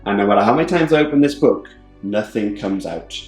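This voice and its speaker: A man's voice: fairly low pitch, animated, quick pace, a little mellow, faint music behind. A man hosting a tabletop battle report, chatting casually and laughing often. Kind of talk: casual game commentary. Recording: roomy studio echo.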